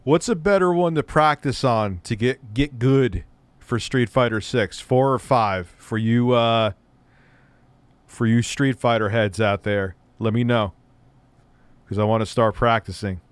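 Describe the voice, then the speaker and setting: A man's voice: mid-range voice, measured pace, clear, resonant tone, dry recording. A man hosting a casual live stream, rambling and swearing as he talks to his chat. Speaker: streamer reacting to videos.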